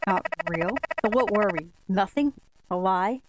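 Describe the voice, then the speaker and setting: A woman's voice: medium pitch, unhurried, heavy background noise, natural voice. A woman voicing a dead husband's bitter, accusing ghost in a horror game.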